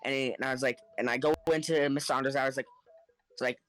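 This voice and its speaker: Animated young-sounding man telling a story. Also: medium pitch, fast talker. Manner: animated, acts out the other people in his story; laughs between lines. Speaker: podcast co-host telling a story. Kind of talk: casual storytelling chat.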